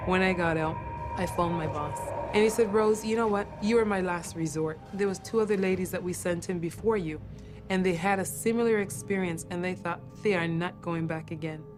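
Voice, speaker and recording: A woman's voice: on the low side, brisk, music in the background. A woman who works as a caregiver, earnestly recounting a ghost encounter and repeating herself for emphasis.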